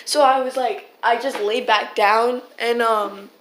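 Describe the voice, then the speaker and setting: A woman's voice: fairly high pitch, steady tone, a little slow, a little hiss or hum. A teenage girl telling a rambling, swear-filled storytime into her phone, full of restarts. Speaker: vlogger. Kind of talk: casual storytime.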